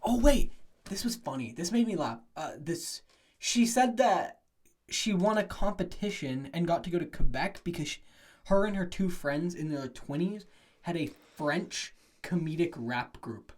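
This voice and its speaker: A young man co-hosting a podcast, chatting casually and telling lively anecdotes. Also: fairly high pitch, a little slow. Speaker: podcast co-host. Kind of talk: casual chat.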